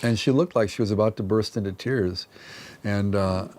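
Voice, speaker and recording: A man's voice: fairly low pitch, moderate pace, a little mellow. A man casually recounting an anecdote as an interviewee who makes fairy houses, chuckling as he tells it.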